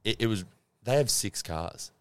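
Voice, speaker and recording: A man's voice: lowish voice, normal speed, smooth. An Australian man on a podcast, telling a story in casual chat with plenty of swearing and acted-out dialogue. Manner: animated, swears a lot, acts out both sides. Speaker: podcast host.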